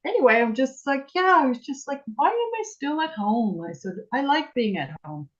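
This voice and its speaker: A woman's voice: high-pitched, moderate pace. Chatty woman on a muffled video call. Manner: chatty, animated storytelling, acts out quotes. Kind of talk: casual chat.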